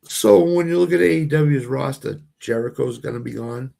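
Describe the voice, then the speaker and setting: Gravelly-voiced man with a Boston accent. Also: mid-range voice, normal speed, mellow. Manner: opinionated, repeats and restarts phrases. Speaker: co-host. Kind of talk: casual sports watch-along chat.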